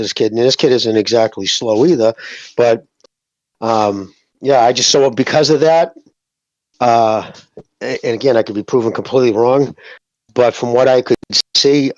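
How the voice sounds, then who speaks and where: A man's voice: medium pitch, dry recording. A man co-hosting a boxing podcast, hedging his opinions and leaning on fillers. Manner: hedging, lots of fillers like "you know what I mean". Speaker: podcast co-host. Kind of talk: casual boxing chat. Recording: dull lo-fi audio.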